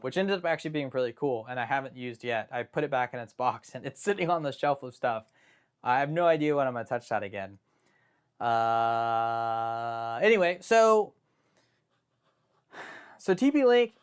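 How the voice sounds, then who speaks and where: A man's voice: on the high side, smooth. A young man hosting a live stream, chatting casually and rambling through joking asides and self-interruptions.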